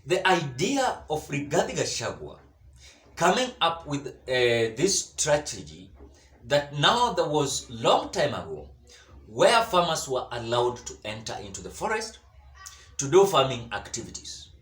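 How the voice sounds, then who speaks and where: A man's voice: mid-range voice, huge pitch swings, measured pace, fairly bright tone, roomy sound. A Kenyan man giving solo political commentary, emphatic and repetitive, often stumbling over repeated words.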